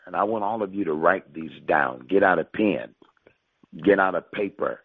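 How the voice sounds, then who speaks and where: A male pastor preaches and prophesies to listeners over a conference call, emphatic and repetitive, drawing out key phrases. His low, husky voice moves at normal speed with no room sound, carried on a tinny phone line.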